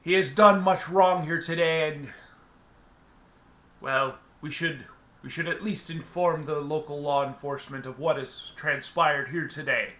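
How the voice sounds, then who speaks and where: A pompous, long-winded cleric with a formal, solemn delivery, as a man puts him on. The voice is bright and unhurried. It sounds roomy, as if recorded in an echoey room. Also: a little high, a little hiss or hum. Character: wordy, pompous male cleric adventurer.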